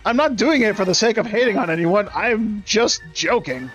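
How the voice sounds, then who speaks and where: A man's voice: high voice, expressive, normal speed, fairly bright tone, lo-fi sound, soft background music. A young man streaming a game, ranting casually in a sarcastic, profane, rambling way. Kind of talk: casual rant while gaming.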